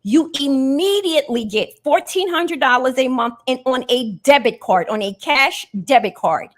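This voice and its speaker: A woman's voice: sits high, expressive, moderate pace. A woman in a casual panel chat, insistently stressing what she calls facts.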